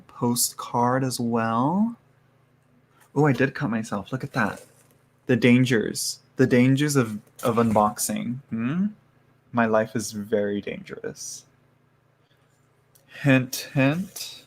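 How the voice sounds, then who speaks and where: A man talks loosely to his viewers while he unpacks a parcel, with frequent fillers and quick asides. His voice sits in a middle pitch. A faint hum of room noise runs under it. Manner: chatty, rambling, lots of fillers and laughs. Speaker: tarot reader unboxing a haul. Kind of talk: casual chat to live viewers.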